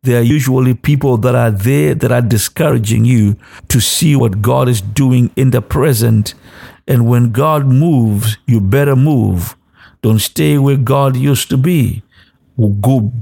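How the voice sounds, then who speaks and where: Slow, insistent preaching man. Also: mid-range voice, vocal fry, mellow. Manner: repetitive exhortation, rising into sung cadence; speaks in tongues between exhortations. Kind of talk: sermon.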